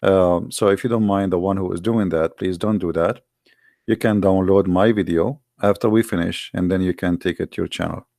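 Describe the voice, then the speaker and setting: A man hosting a livestream who tells stories in animated, broken English and talks straight to his audience. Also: low voice, moderate pace, creaky, no room sound, clean studio sound. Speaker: livestream host. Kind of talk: casual livestream storytelling.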